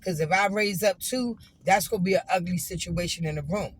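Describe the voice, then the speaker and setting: A woman's voice: on the low side, fairly quick, a little hiss or hum, rough recording. A woman vlogger telling a casual, emphatic story straight to her viewers.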